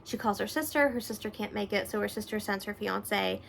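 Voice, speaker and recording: This is a woman chatting through a casual book vlog from a room at home. She is animated and quick to laugh. Her voice jumps between loud exclaims and soft, half-whispered asides. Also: medium pitch, creaky, slight background noise. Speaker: book reviewer host.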